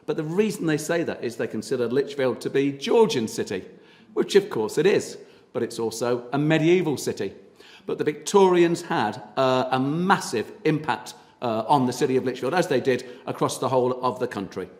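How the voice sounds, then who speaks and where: A man's voice: mid-range voice, animated, normal speed, darkish tone. Chatty man. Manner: chatty storyteller, many ums and uhs. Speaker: tour guide and historian giving a talk. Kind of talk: public talk to an audience.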